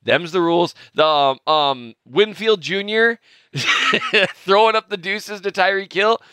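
A man in his thirties hosting a casual sports talk show, animated and exasperated, rambling with jokes. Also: high voice, measured pace, clear, resonant tone, no echo. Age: 30s. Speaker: sports podcast host.

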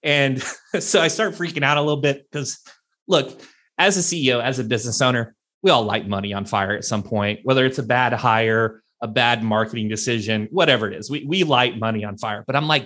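Male podcast host, animated, conversational storytelling. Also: medium pitch, fairly quick. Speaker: CEO, business owner.

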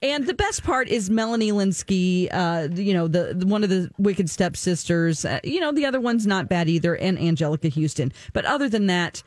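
Woman radio co-host, wry movie critic, very animated pitch. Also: moderate pace, hardly any pauses, dry recording. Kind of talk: casual chat.

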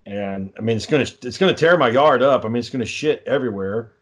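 A young man chats casually and recounts a story with heavy swearing. His delivery is exasperated and ranting, at an ordinary middle pitch. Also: quick pace, breathy edge. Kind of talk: casual chat.

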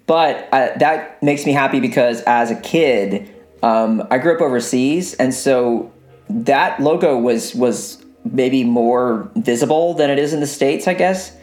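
A man talks as a podcast guest in a loose, rambling way, often poking fun at himself and laughing. His voice carries a roomy echo and sits mid-pitched. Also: unhurried, a little mellow, faint music behind. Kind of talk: casual chat.

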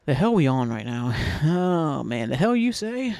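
An American man hosting his own solo podcast, rambling excitedly and swearing freely as he chats. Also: a little high, normal speed, dry recording, studio quality. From United States. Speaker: podcast host. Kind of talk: casual solo podcast chat.

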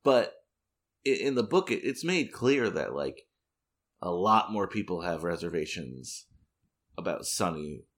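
A man co-hosting a podcast, chatting casually in a measured, thoughtful way. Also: low-pitched, sing-song. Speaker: podcast co-host. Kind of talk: casual chat.

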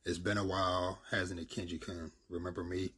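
A man voicing a masked male cult leader who speaks in a quiet, smug, taunting way. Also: low voice, level tone, moderate pace, slightly rough, full character voice.

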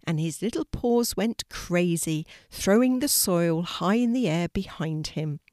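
Gentle older woman reading a bedtime story. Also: lowish voice, animated, dry recording, clean studio sound. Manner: gentle, slow, soothing reading. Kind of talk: children's story narration.

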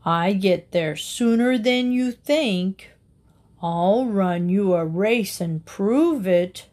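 A woman voicing a patient male tortoise who calmly challenges a hare in a storybook reading. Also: mid-range voice, natural voice. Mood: confident. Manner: calm, unhurried.

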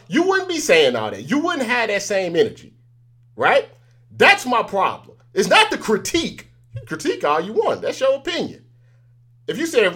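Lively high-voiced man ranting to viewers. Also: moderate pace, slightly rough. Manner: emphatic and repetitive, chuckles between points; addresses viewers directly. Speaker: news commentary host. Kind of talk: casual on-camera commentary.

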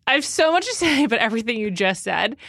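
A woman's voice: on the high side, very animated, fast, creaky, a bit bright, no echo. A woman from the US East Coast co-hosting a food podcast, talking candidly with dry, teasing humor. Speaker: podcast co-host. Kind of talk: casual food podcast chat.

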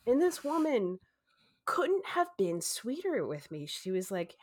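A woman's voice: fairly high pitch, big pitch swings, unhurried. A woman co-hosting a podcast, casually telling a long story, acting out quotes and laughing often. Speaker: podcast co-host.

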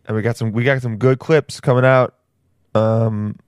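A man's voice: mid-range voice, fairly even intonation, moderate pace, clear, resonant tone, no room sound, clean studio sound. A man hosting his own podcast, rambling casually in slang and calling the listener "dude". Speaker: podcast host. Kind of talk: casual solo podcast monologue.

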